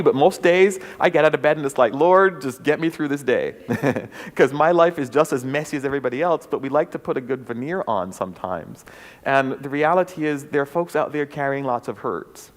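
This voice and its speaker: Man, bishop, earnest reflective talk, halting "um"s, long hall echo. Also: a little high. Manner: earnest, with frequent "um" and small restarts. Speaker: bishop speaking at a forum. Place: church forum hall.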